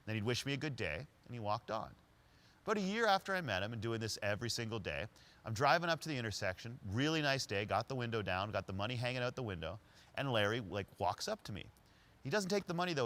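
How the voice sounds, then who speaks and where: A man giving a storytelling talk as a leadership speaker, narrating conversationally and quickly. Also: mid-range voice. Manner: conversational, quick narration with lively quoted voices.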